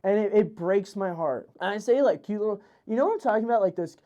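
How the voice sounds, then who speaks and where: A man's voice: sits high, animated, quick pace, few pauses, dark tone. A young man hosting a podcast, rambling through a crude comedic monologue with lots of fillers and restarts. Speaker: podcast host. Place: New York City.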